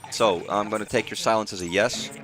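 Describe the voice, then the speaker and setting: Bright-voiced, rambling male game streamer. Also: lowish voice, steady tone, a little fast, soft background music. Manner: rambling, profane, restarts phrases. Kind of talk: casual live gameplay commentary.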